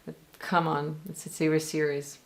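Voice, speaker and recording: A Russian woman, a native Russian speaker, comments on actors' accents in English with her Russian accent. Her voice sits a little low, with a gravelly, frayed edge. She talks in an animated, opinionated way, addressing her viewers directly. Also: normal speed, a little hiss or hum. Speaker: language and accent teacher. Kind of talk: casual commentary on film accents.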